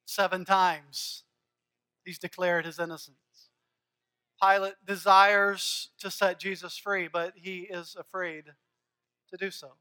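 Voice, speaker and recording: A man's voice: high voice, flat delivery, slow, bright, forceful tone, clean tone. A man preaching a sermon as pastor, earnest and emphatic, building his points through rhythmic repeated phrases.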